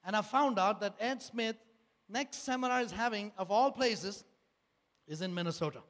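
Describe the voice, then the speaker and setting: A man's voice: high-pitched, normal speed, fairly bright tone. A man giving an earnest church testimony, repeating phrases and asking rhetorical questions. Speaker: speaker giving a personal testimony. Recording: long hall reverb.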